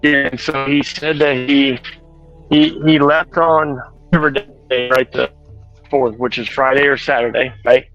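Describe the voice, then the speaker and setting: A man's voice: medium pitch, level tone, measured pace, fairly bright tone, no echo, dull audio, faint music behind. A man chatting casually while shopping in a big store, rambling and correcting himself as he talks. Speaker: truck driver streamer. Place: large store.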